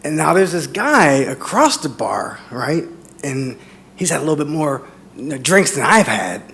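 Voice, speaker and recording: A man with a high voice tells a stand-up story from a comedy club stage. He rambles, stumbles over repeated words and laughs at his own tale. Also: very animated, normal speed, gravelly, a bit bright, a little hiss or hum.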